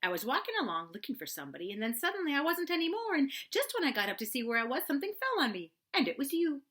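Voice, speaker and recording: A woman voicing a small, timid male piglet with a squeaky, high voice. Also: sing-song, fast talker, a bit bright. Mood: nervous.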